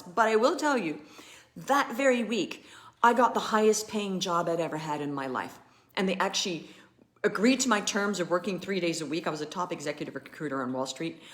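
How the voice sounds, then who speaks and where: A woman business coach talking in a chatty, animated and emphatic way to viewers of a live stream. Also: on the low side.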